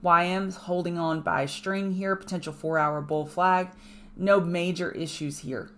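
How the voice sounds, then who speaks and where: A woman with a slightly low voice hosts a live market prep stream. She talks briskly and emphatically, repeats her key points for weight, and drops chatty asides to her viewers as she moves through each chart. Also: fairly even intonation. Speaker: trading show host.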